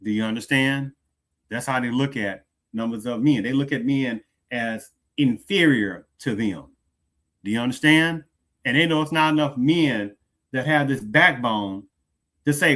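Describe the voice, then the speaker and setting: A man hosting an opinionated commentary show, talking emphatically, repeating phrases and drawing out stressed words, swinging from loud to hushed. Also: mid-range voice, normal speed. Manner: emphatic, repeats phrases, asks "do you understand".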